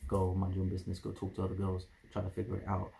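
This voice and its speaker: A young man talks through dating advice in a loose, rambling monologue. His voice sits fairly low and sounds mellow and soft-edged. He circles back and restarts his sentences as he goes. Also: completely flat delivery, rapid-fire, creaky, rough recording. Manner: rambling, repeats and restarts phrases.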